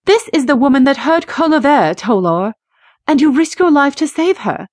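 A woman's voice: high voice, animated, normal speed, a little mellow, no echo, clean studio sound, voice pushed up. A woman narrator voicing a proud female centaur who speaks coldly and with displeasure. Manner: cold and displeased.

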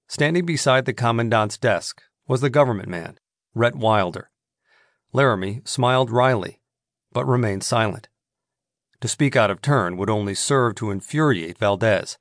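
A man narrating a western audiobook in a steady, measured storytelling manner. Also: on the low side, no echo, clean studio sound.

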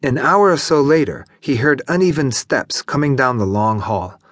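A male audiobook narrator reading literary fiction with a lively, rising and falling pitch. His delivery is measured and storytelling, recorded close and dry in a studio. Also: no echo. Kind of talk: scripted narration of a literary novel. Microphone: studio microphone, close.

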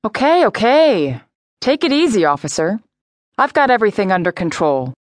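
A woman voicing a calm, self-assured male undercover FBI agent in an audiobook. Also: medium pitch, measured pace, dry recording, clean studio sound, lightly acted. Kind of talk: audiobook character voice.

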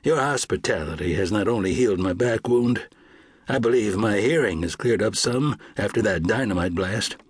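Polite western lawman, low and quiet, a bit husky, as the narrator voices him. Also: lively intonation, moderate pace, no room sound, clean studio sound. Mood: earnest. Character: principled, modest frontier lawman.

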